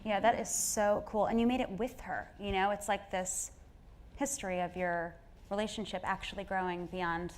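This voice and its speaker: A woman's voice: medium pitch, fairly even intonation, normal speed, a little hiss or hum. A woman interviewer on a live talk stage, enthusiastic and affirming. She asks several questions in a row in a casual, conversational way.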